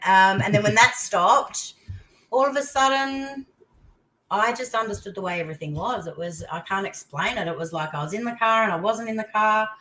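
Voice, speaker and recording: An older woman with an Australian accent, a guest on an interview show, telling a personal story in casual chat with excited outbursts. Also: mid-range voice, a little hiss or hum, low-quality recording. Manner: animated storytelling, voice leaping into exclamations.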